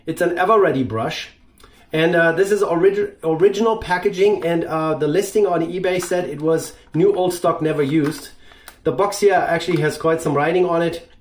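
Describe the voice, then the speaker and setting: On his shaving channel, a man with a fairly high-pitched voice talks through his gear at a moderate pace. The review is casual, and he rambles with plenty of fillers.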